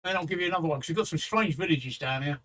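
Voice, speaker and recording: A man's voice: fairly high pitch, racing, crowd noise, rough recording. A man hosting a casual live-stream chat, chatty and teasing, often repeating himself. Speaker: stream host.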